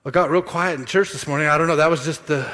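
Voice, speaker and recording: A man delivers a sermon from a church pulpit in a slightly high voice. He preaches with animated energy, breaks into playful asides, and acts out quoted lines for the congregation. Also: fast talker. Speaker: pastor. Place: church sanctuary.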